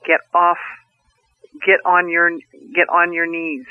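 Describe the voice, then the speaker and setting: A booming, solemn Creator spirit speaks slowly and with command, as a man storyteller puts him on. The voice sits a little high for a man. The sound is thin and tinny, as if heard down a telephone line. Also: completely flat delivery, a little hiss or hum.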